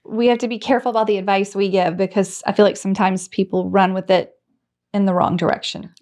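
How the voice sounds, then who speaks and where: A woman's voice: mid-range voice, fairly even intonation, quick pace, a little mellow. A woman co-hosting a podcast, giving emphatic coaching-style advice and repeating key phrases. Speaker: podcast co-host. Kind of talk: casual chat.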